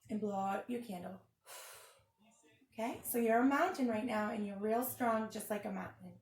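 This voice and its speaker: A woman preschool teacher gently talks small children through simple exercises. Her voice sits a little high, and the room gives it an echo. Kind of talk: children's storytime and yoga lesson.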